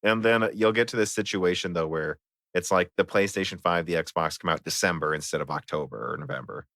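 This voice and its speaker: A man's voice: low voice, a little fast, fairly bright tone, no room sound, clean studio sound. A man hosting a podcast, chatting casually and reading out listener mail. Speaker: podcast host.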